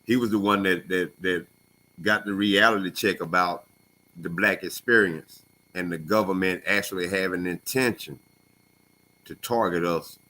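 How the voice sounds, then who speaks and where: Bright-voiced man telling stories on radio. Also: low-pitched, moderate pace. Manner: animated storyteller, acts out voices. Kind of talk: casual talk radio discussion. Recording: call-in radio show studio.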